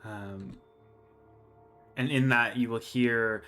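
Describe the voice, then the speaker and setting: A man narrating as dungeon master of a tabletop fantasy game. His voice has a bright, forward edge, and his pitch sits in an ordinary middle range. Faint music plays behind him. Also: fairly even intonation, a little slow.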